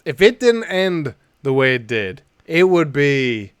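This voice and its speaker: A man's voice: a little high, very animated, slow pace, smooth, no room sound, studio quality. A man co-hosting a podcast in casual chat, often laughing as he retells movie scenes. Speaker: podcast co-host.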